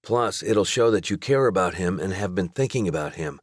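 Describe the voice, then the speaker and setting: A laid-back, teasing older brother, voiced by a male narrator. His deep voice stays relaxed and friendly. The sound is dry and close. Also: normal speed, breathy edge, no echo. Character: man, her easygoing older brother.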